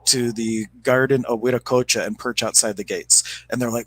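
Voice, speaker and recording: A man co-hosting a spiritual podcast, chatting casually and retelling a fable in a relaxed, animated way. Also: mid-range voice, fairly quick, few pauses, poor audio. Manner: relaxed, animated storyteller with fillers. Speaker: podcast co-host. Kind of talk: casual spiritual chat and storytelling.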